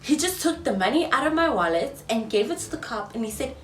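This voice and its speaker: A young South African woman in her twenties telling a storytime vlog, swinging between loud outbursts and hushed whispers. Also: on the high side, animated, brisk, hardly any pauses. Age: 20s. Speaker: vlogger. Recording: roomy echo, mic at a distance, faint ambience.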